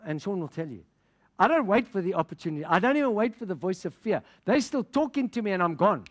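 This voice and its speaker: This middle-aged African pastor preaches with a high, very animated voice at a quick pace. He tells stories with passion and laughter, acting out what people said in quoted dialogue.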